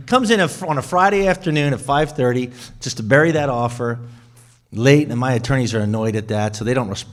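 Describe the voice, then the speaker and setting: Casting: middle-aged male speaker, lively storytelling delivery, swings from booming to hushed, stage mic. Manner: animated, swings between loud emphasis and hushed asides. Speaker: conference speaker. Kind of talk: storytelling speech.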